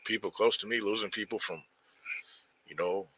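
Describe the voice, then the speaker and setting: A low-pitched man with a sharp, bright edge to his voice chats loosely with his viewers and greets them by name in street slang. The sound is dry and close, with no room around it. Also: moderate pace, breathy edge, no room sound. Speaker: livestream host. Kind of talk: casual livestream chat reading viewer comments.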